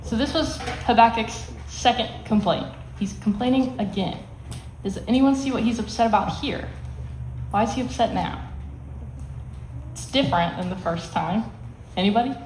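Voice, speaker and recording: A woman's voice: a little high, normal speed, pauses often, darkish tone. Woman, youth Bible teacher, plain explanatory delivery, reverberant room with faint hiss. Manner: explains plainly, acts out quotes with emphasis. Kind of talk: teaching a Bible lesson to students.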